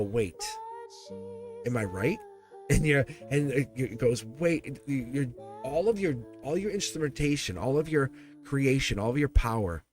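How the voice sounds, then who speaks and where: A man giving a live-stream tarot reading in a chatty, teasing way, often laughing. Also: mid-range voice. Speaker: tarot reader. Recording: music playing behind the voice. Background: background music.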